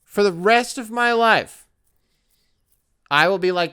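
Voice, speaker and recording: A man from the Detroit area tells a story on his podcast in a loose, rambling way, full of fillers and casual swearing. His voice is smooth and clear. The recording is close and dry. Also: high-pitched, big pitch swings, takes it slowly, long pauses, sharp tone, dry recording. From Detroit area, Michigan. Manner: rambling, profane, lots of fillers. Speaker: podcast host.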